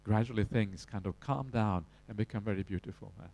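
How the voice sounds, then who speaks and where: A man with a Norwegian accent giving an evening dharma talk as a Buddhist teacher, relaxed, with many "uh" fillers and tag questions. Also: on the low side, brisk, creaky.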